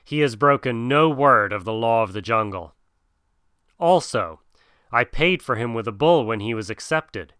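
A man's voice: mid-range voice, lively intonation, unhurried, fairly bright tone, smooth, dry recording, clean studio sound. A man voicing a weary old male wolf who leads the pack, speaking with dignity. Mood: firm. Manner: dignified, pleading.

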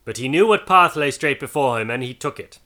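A man narrating a storybook in an expressive, animated reading. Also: medium pitch, brisk.

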